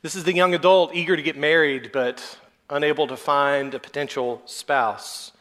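A man in his thirties, a pastor preaching a measured, earnest sermon. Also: on the high side, fairly even intonation, fairly bright tone. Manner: measured, earnest preaching with brief put-on whiny quotes.

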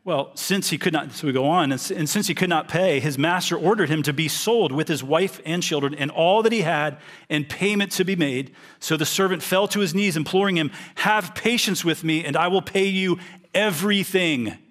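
A man's voice: a little high, brisk, a bit bright. Earnest man preaching a sermon. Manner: earnest, reads scripture aloud then explains it.

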